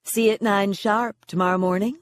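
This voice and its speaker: A woman voicing a confident thirty-something female psychologist with a mildly hoarse voice, self-assured and smiling. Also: medium pitch, fairly even intonation, a little fast, dry recording, clean studio sound, voice pushed up, natural voice. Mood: sly.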